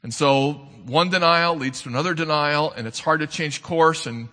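A man preaching a sermon as an earnest storyteller, swinging between loud emphasis and soft, low asides. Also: normal speed. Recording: long hall reverb.

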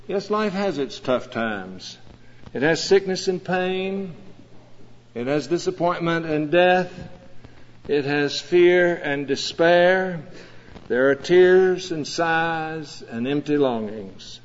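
A man, a pastor, preaching a sermon in a measured, earnest way with dramatic pauses. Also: fairly high pitch, animated. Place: church sanctuary. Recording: dull lo-fi recording in a reverberant church.

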